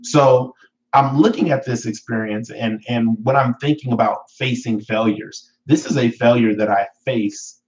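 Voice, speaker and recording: A man's voice: medium pitch, a little slow, dull audio. A man hosting a weekly live motivational talk, telling a personal story in a candid, reflective way with fillers and self-corrections. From Northern California. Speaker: weekly talk show host.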